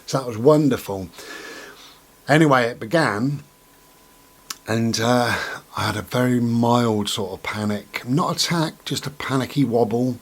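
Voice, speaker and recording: A man telling a personal story in a casual, rambling way, with many ums and asides. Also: mid-range voice. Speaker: vlogger.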